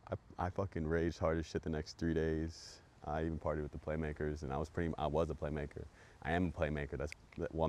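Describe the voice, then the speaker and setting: A man's voice: a bass voice, vocal fry, a little mellow, a little hiss or hum. A man hosting a podcast, telling a profane, hyped story full of repetitions. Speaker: podcast host. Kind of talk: storytelling monologue.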